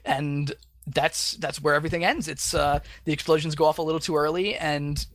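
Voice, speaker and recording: A man's voice: on the high side, fairly even intonation, fairly quick, fairly bright tone, dry recording, clean studio sound. A man co-hosting a podcast, recapping a cartoon episode in a rambling, laid-back way with frequent fillers and laughs. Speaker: podcast co-host.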